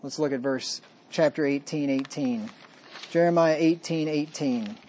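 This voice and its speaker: A man preaching a sermon, reading scripture slowly with emphasis and then explaining it in a plain, conversational way. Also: a little high, darkish tone. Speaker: pastor.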